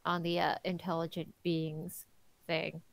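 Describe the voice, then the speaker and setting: A woman's voice: low-pitched, completely flat delivery, measured pace, creaky, no echo. A woman playing a tabletop game, speaking sarcastically and swearing in casual chat. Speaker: player.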